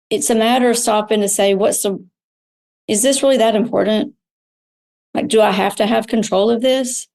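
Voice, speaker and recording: This middle-aged woman owns a medical spa and speaks candidly as a guest in a conversational interview, recounting her own experiences and frequently restarting. She has a medium-pitched, slightly mellow voice with vocal fry.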